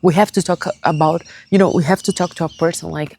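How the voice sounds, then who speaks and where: A young woman talking to her viewers in a tearful personal vlog, halting and searching for words in English, which is not her first language. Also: medium pitch, animated, dark tone, no room sound. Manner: confiding, speaks straight to viewers. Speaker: vlogger.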